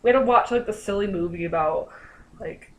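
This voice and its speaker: Over slight background noise on a low-quality recording, a young woman vlogger with a mid-range voice talks fairly quickly. She shares a personal story casually with lots of fillers, animatedly quoting people's words.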